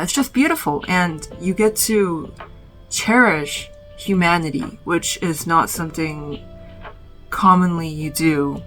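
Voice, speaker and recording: A woman vlogging from her bedroom, talking about films in a reflective, halting way full of "like". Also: deep voice, fairly bright tone, low-quality recording. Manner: reflective, halting, heavy use of "like". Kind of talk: casual film recommendations.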